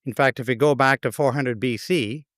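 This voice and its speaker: A man's voice: medium pitch, normal speed, fairly bright tone, no echo. A man preaching a sermon as pastor, conversational with dry, wry humor.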